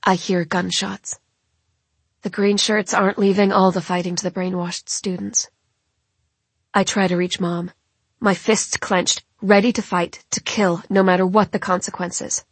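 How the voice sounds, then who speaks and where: Female audiobook narrator, husky and breathy, dry close sound. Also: mid-range voice, flat delivery, no room sound. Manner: measured, dramatic storytelling. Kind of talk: first-person novel narration.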